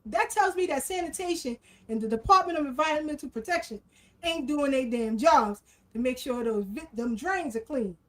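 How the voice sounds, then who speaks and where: High-voiced woman livestream host. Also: lively intonation, normal speed. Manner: repeats greetings in threes, street slang. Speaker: livestream talk show host. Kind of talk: casual livestream chat, shouting out viewers.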